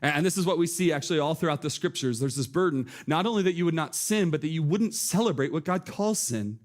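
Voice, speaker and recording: A man's voice: a little high, animated, fast talker. A man preaching a sermon from a church stage, earnest and conversational, asking the congregation questions. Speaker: pastor.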